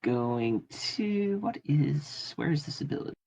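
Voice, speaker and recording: A man narrating a tabletop game as game master, unhurried and filling pauses with "uh". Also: a little high, expressive, vocal fry, darkish tone, rough recording. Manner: unhurried, with many filler pauses. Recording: faint background noise.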